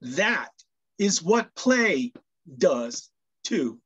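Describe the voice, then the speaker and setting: Slow-talking male minister, muffled sound. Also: a little high, sing-song, fairly bright tone, breathy edge. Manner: storytelling jokes, hesitant with restarts. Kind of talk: sermon. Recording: dull lo-fi sound.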